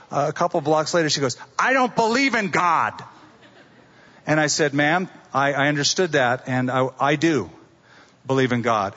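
A man's voice: a little high, a bit bright. Middle-aged male preacher, storyteller who acts out quotes, muffled lo-fi recording. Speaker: pastor. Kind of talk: sermon.

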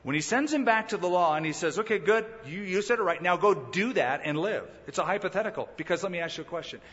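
A male pastor preaching a sermon in a lively way, often acting out the people he quotes. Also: a little high, long reverb tail, dull audio. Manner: animated preaching that acts out quoted speakers.

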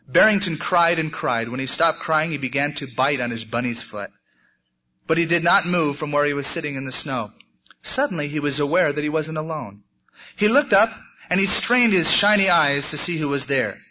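A man's voice: fairly high pitch, normal speed, sharp tone. A man, a preacher, reading a story aloud expressively within a sermon. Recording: muffled lo-fi recording.

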